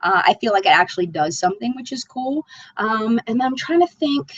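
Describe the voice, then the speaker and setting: A woman's voice: on the high side, expressive, fairly quick, no room sound, muffled recording. A woman hosting a live makeup chat stream, reading viewer comments aloud and gushing over them. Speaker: beauty channel host.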